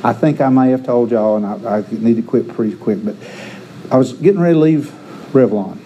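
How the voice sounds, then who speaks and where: Earnest, dark-voiced preacher man. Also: medium pitch, brisk, highs cut off, slight background noise. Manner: earnest, repeats words and restarts phrases. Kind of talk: sermon with personal stories.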